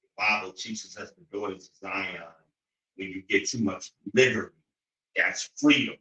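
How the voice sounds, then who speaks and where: A man hosting an opinionated monologue, preachy and profane, often climbing into loud, incredulous outbursts. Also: sits low, normal speed. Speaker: show host. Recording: roomy echo.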